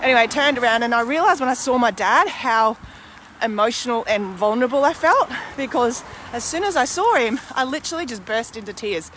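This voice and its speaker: A woman's voice: on the high side, lively intonation, a little fast, a bit bright, slight background noise. A woman in her forties talking candidly to camera in a rambling, casual personal monologue, now and then swearing mildly. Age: 40s. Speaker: vlogger and podcaster.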